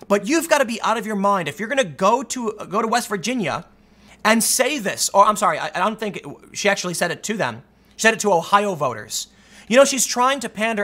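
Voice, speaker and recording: Delivering political commentary on his own, this man reads out quotes from the news and responds, getting heated and repeating himself as his energy rises. His voice sits high.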